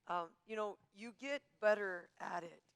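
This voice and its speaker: Smooth, gravelly-edged woman teaching at church. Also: mid-range voice, unhurried, big-room sound. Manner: plainspoken, chatty, with playful teasing asides. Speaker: minister co-teaching with her husband. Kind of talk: marriage teaching, casual asides.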